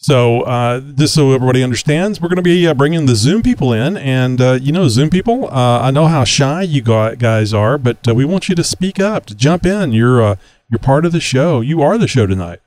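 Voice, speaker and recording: A man's voice: medium pitch, expressive, fairly quick, a little mellow, dry recording, rough recording. A man hosting a podcast, chatting casually and easygoing, with lots of "uh" fillers. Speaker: host.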